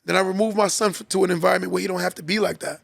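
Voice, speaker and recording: Gravelly high-voiced man preaching. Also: fairly even intonation, racing, fairly bright tone, no echo, clean studio sound. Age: adult, father of a son. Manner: preachy, repeats key lines for emphasis. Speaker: podcast host. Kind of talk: motivational monologue.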